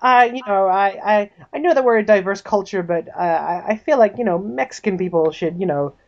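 A woman's voice: medium pitch, brisk, pitched above the performer's own voice, close to an everyday voice. A woman voicing a chatty young female investigator who rambles with fillers. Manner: chatty, hesitant, full of fillers. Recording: slightly dull lo-fi recording.

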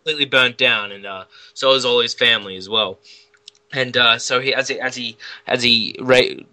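A man telling a made-up comic film plot in casual, rambling chat, with lots of restarts and deadpan jokes. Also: medium pitch, moderate pace, rough recording. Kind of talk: casual comedic storytelling.

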